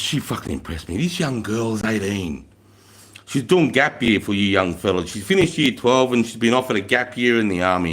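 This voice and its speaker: A man's voice: on the low side, a bit bright. Blunt, swearing Australian man. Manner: blunt, heavily profane, emphatic. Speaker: former army corporal and instructor. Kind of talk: casual storytelling.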